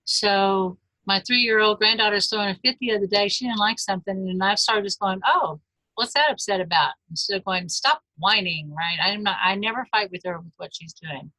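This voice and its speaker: A woman in her fifties, a life coach giving a webinar, earnest and gentle, speaking straight to her listeners. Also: mid-range voice, steady tone, a little fast, few pauses, dry recording, low-quality recording.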